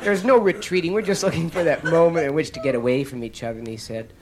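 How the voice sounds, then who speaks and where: A man in his thirties from Canada performing a stand-up comedy monologue, telling wry stories that build to sudden loud punchlines. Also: a little high, quick pace, crowd noise. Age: 30s. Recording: noisy live comedy recording.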